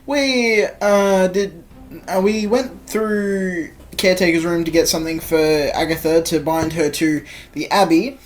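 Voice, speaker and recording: A woman casually commentating as she plays a video game, chatting and thinking aloud. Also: lowish voice. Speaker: gamer, let's play host.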